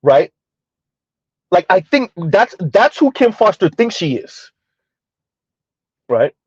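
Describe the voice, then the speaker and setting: Chatty man streaming, slightly high voice. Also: big pitch swings, takes it slowly, a little mellow, slightly rough, dry recording, muffled recording. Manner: rambling, conversational, frequent "right?" and "like". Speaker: commentary streamer reading chat. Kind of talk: casual live-stream commentary.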